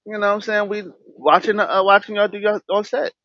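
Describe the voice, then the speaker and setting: A man's voice: sits high, little pitch movement, a little fast, dry recording. A man hosting an interview show, rambling with many restarts and reacting with "wow.". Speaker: host. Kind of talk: casual interview. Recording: dry, dull lo-fi sound.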